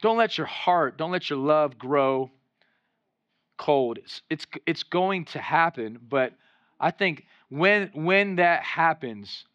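A man preaching to a congregation, voice bright and a little high, with rising bursts as he urges them on and a habit of acting out voices when retelling scenes. The recording is dry and somewhat muffled. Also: expressive, slow, dry recording. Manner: preaching with exhortations and call-outs to the congregation. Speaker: pastor. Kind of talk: sermon.

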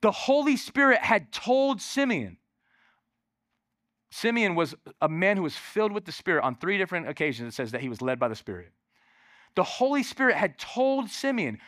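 A man preaching a lively sermon as pastor in a church, calling on the congregation and exclaiming as he goes. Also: sits high, moderate pace, no room sound, clean studio sound. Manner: calls on the crowd, exclaiming and animated.

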